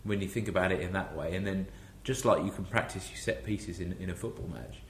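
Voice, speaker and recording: A man's voice: sits low, fast, reverberant, a little hiss or hum. An English man hosting a casual chat, rambling with many restarts. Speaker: podcast host.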